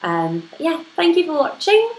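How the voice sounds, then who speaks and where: Talking to camera in a relaxed way, this woman works through a motherhood Q&A tag and laughs at herself a lot. She speaks at a moderate pace in a high-pitched voice whose pitch swoops wildly. Faint noise and echo fill the room.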